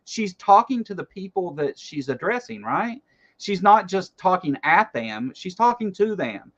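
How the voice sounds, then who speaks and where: A man with a slightly high voice hosts a casual political livestream. He is blunt and curses freely. The audio is a little dull and lo-fi. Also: sing-song, a little slow, fairly bright tone. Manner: blunt, swears freely, reads chat aloud. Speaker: livestream host.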